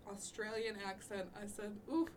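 A woman's voice: mid-range voice, brisk. A young woman from Canada, co-hosting a casual podcast chat, chatty and full of "like". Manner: chatty, heavy use of "like", laughs often. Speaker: podcast co-host.

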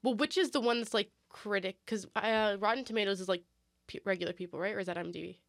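A young woman talks fast in a casual, rambling co-host chat, and she pokes fun at herself as she goes. Her voice sits close and dry, with no room sound around it. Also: medium pitch, creaky, no echo. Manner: chatty, rambling, self-deprecating.

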